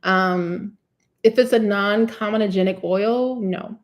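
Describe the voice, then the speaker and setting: A New Jersey woman with a medium-pitched voice and a New Jersey accent hosts a live curly hair care Q&A indoors on a stream, speaking slowly. She answers questions chattily, saying "you know what I'm saying" again and again.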